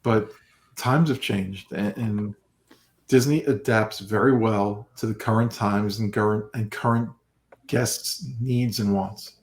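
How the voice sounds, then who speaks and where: A man's voice: on the low side, steady tone, slow pace, echoey room. A man co-hosting a casual fan podcast, talking about the theme park with gushing enthusiasm. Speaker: podcast co-host. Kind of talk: casual chat.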